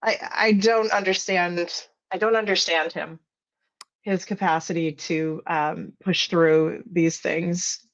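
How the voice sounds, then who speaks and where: A woman journalist and podcast host, raspy from a cold, giving thoughtful casual commentary as a guest on a live panel. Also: lowish voice, fairly even intonation, slow, dull audio. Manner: thoughtful, explains at length with fillers.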